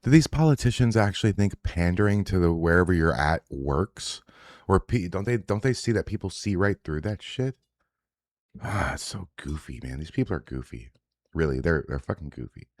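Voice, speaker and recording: A man's voice: deep voice, expressive, moderate pace, a little mellow, no echo, clean studio sound. A man hosting a casual reaction show, talking bluntly and profanely, rambling with restarts as he reacts to posts. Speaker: show host reacting to social media posts. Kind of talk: casual live reaction commentary.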